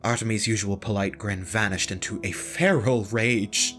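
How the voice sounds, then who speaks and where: A reader narrating a visual novel in a steady, dramatic storybook manner. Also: medium pitch, moderate pace, faint music behind.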